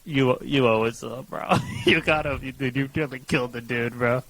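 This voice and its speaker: A man's voice: mid-range voice, steady tone, normal speed, a bit bright, a little hiss or hum, poor audio. A young man co-hosting a podcast, chatting in a laid-back, rambling way. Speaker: podcast co-host. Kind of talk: casual chat.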